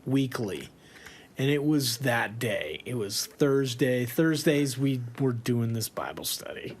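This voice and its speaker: A man telling a tour story in a casual, animated way, laughing often and swearing freely. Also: medium pitch, slow pace.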